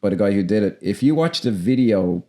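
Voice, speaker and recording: A man's voice: fairly low pitch, expressive, fairly quick, mellow. A man with a Dublin accent co-hosting a film podcast, telling rambling anecdotes and swearing casually. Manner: rambling storyteller, swears freely. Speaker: podcast co-host.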